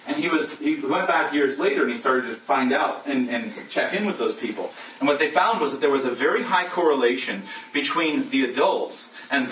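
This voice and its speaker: A man's voice: mid-range voice, pushed and bright. A man preaching as a pastor in a conversational style, asking the congregation rhetorical questions. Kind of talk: sermon. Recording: roomy echo, distant mic, lo-fi with noise.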